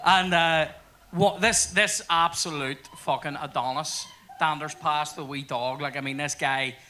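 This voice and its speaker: Male podcast host, live on stage, crude storyteller, high and bright. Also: fairly even intonation, unhurried, slight background noise. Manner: crude storytelling with sweary asides. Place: theatre stage before audience.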